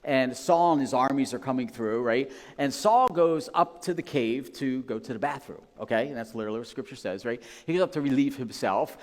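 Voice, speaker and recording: A man's voice: medium pitch, expressive, fairly quick, few pauses. A man preaching as a pastor, retelling a story casually and checking in with the room with "okay?" and "right?". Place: church sanctuary. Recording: long reverb of a large hall.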